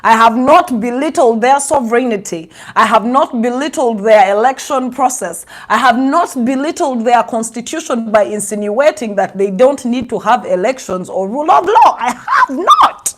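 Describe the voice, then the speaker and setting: Lively sarcastic Ugandan woman. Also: fairly high pitch, normal speed, hardly any pauses. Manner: sarcastic, animated, switching languages. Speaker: commentator. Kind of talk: casual commentary monologue.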